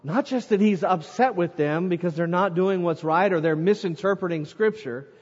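A man preaching a sermon, reading scripture aloud and swinging between loud emphasis and quiet, slow lines. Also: sits high. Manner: reads scripture aloud, dramatic swings in loudness and pace. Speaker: pastor. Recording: muffled sound with long hall reverb.

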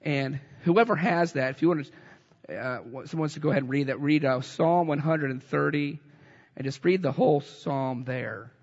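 A man's voice: on the high side, normal speed, in a large hall, lo-fi sound. A man preaching an earnest, conversational sermon, often restarting his phrases as he works through a scripture passage. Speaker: pastor.

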